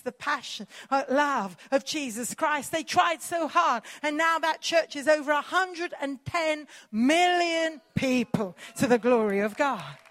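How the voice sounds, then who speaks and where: A woman's voice: high-pitched, a bit bright. A woman preacher, delivering an emphatic sermon full of repetition.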